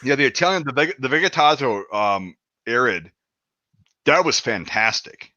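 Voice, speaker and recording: A man's voice: mid-range voice, big pitch swings, normal speed, pushed and bright, no echo, muffled recording. A man in his thirties telling a rambling story in casual chat, swearing often and acting out quotes. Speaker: podcast host.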